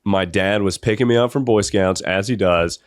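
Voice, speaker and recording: A man's voice: lowish voice, normal speed, dry recording. A young man hosting a podcast, telling a comedic story in a rambling way and often laughing through it. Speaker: podcast host.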